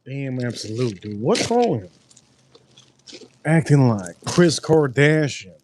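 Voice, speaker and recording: A man's voice: mid-range voice, animated, unhurried, slight background noise. Rambling, profane livestream host, a man. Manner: rambling storytelling, loud and profane. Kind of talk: casual livestream chat.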